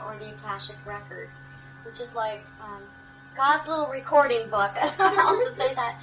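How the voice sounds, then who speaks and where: A woman hosting a spiritual advice call-in show. She explains things gently and uses many fillers. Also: medium pitch, low-quality recording. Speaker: radio show host answering callers.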